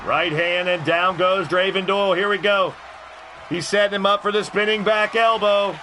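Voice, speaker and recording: Loud, foul-mouthed, high-voiced play-by-play man. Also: steady tone, normal speed, noisy background. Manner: rowdy, profane, bursts into shouting. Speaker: wrestling video game commentator and stream host. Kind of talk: live play-by-play commentary with chat shout-outs.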